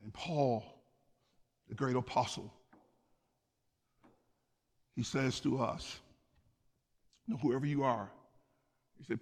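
An impassioned male pastor delivering a sermon, his voice set at an ordinary middle pitch. He swells to emphatic, rising peaks and then drops back low and quiet. A long hall reverb trails after every phrase. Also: takes it slowly, pauses often.

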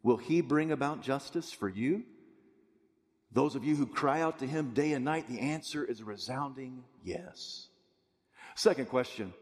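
Impassioned male pastor, husky, echoing hall. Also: on the high side. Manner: impassioned, swings from loud pleading to hushed tones. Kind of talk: sermon. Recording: long reverb of a large hall.

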